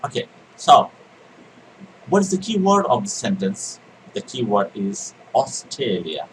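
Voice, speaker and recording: A man's voice: mid-range voice, big pitch swings, unhurried, long pauses, far from the mic, a little hiss or hum, rough recording. A man teaching an exam reading lecture, repeating key words and answering his own questions. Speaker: IELTS teacher. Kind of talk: recorded exam-prep lecture.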